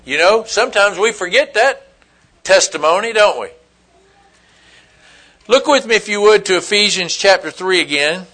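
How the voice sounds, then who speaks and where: A man's voice: high voice, expressive, moderate pace, long pauses, pushed and bright. A man preaching a sermon, telling a story in an emphatic, repetitive way. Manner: storytelling, emphatic, repeats phrases. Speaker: pastor.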